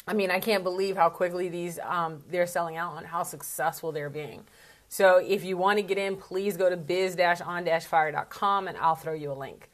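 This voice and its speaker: A woman's voice: fairly low pitch, steady tone, moderate pace. A woman speaking coach chats to camera in a casual vlog. She is candid and talkative, and she keeps dropping in asides as she explains her point. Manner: chatty and candid, with frequent fillers and asides.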